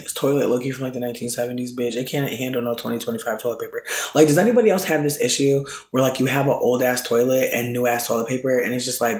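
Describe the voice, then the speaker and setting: Roomy-sounding man ranting comedically. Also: mid-range voice. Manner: slangy, profane, animated storytelling. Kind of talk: casual comedic rant. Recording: roomy echo.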